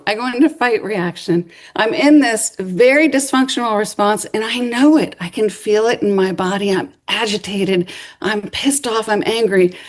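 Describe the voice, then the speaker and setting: Animated woman telling a classroom story. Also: a little high. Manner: animated storytelling, acts out quoted voices. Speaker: speaker. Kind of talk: university lecture.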